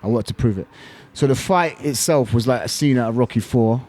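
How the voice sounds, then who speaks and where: A middle-aged man, a former fighter, speaks as a podcast guest in a mid-range voice that is fairly quick and a little mellow. He tells his story emotionally, candid and blunt, with plenty of slang and swearing.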